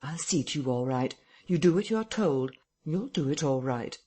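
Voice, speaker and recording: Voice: mid-range voice, expressive, normal speed, dark tone, slightly rough. A reader voicing an invisible man who speaks in curt, cold threats. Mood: threatening. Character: invisible man, menacing and impatient.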